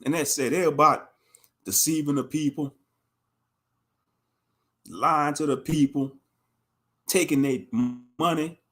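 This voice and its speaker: A man's voice: a little high, slow pace, long pauses, fairly bright tone. A man in his thirties giving a profane, mocking, rambling commentary on a livestream. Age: 30s.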